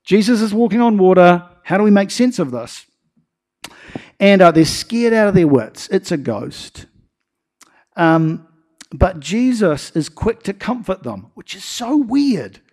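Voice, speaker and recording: NZ-male pastor, animated sermon storyteller, slightly higher voice. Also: a little slow. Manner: animated storytelling with acted-out quotes.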